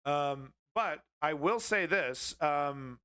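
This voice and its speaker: A man's voice: fairly high pitch, animated, slow, bright, forceful tone, clean tone. A man hosting a live stream, rambling through casual commentary on clips and sarcastically taunting viewers in chat, with swearing. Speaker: livestream host.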